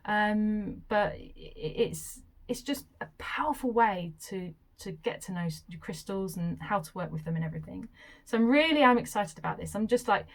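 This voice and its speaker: A young woman, explaining a craft project in a casual, chatty vlog and gushing with excitement along the way. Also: mid-range voice, normal speed. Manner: enthusiastic and chatty, with gushing asides. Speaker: crystal and crafts vlogger.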